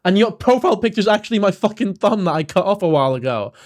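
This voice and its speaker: A man's voice: high voice, animated, fast talker. A man on a live stream talks casually in a slightly raised voice, blunt and laid-back, dropping swear words freely. He reacts in a loose, conversational way. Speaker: livestream host.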